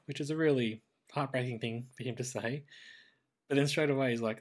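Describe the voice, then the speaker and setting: An Australian man chatting casually as a podcast co-host, animated and talkative about a cartoon episode. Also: mid-range voice, normal speed. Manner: chatty, animated when quoting characters. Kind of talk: casual chat reviewing a cartoon.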